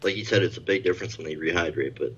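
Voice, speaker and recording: A man's voice: low voice, very fast, a bit bright, slightly rough, highs cut off. A man co-hosting a casual sports podcast, rambling and hedging his points. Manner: rambling, hedging, many "like" and "I feel like". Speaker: podcast co-host.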